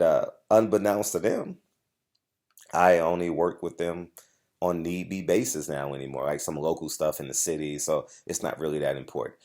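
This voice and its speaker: A man with a deep, low-pitched voice speaks straight to his audience in a heated monologue. He drives each point home by repeating it and cuts in with short asides to his viewers. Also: darkish tone. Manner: emphatic, repetitive, confrontational storytelling. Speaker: boxing journalist and channel host. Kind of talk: direct-to-camera monologue.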